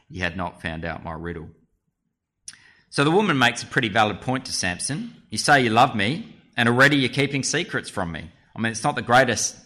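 Bright-voiced man teaching a Bible passage. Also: fairly low pitch. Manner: earnest, explanatory, with rhetorical questions. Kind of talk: Bible study teaching, reading scripture aloud.

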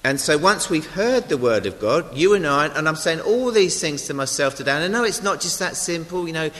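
A man's voice: fairly high pitch, a bit bright. A man giving an informal sermon, chatty and self-deprecating, with asides to the congregation. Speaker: lay preacher. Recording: long hall reverb.

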